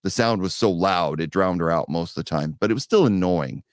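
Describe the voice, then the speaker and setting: A man co-hosting a podcast in casual chat, animated and quick to laugh. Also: low-pitched, no room sound, clean studio sound. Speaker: podcast co-host.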